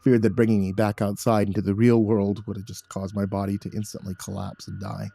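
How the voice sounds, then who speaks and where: A man narrating a horror story in a measured, somber storytelling manner. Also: lowish voice, level tone, creaky, mellow.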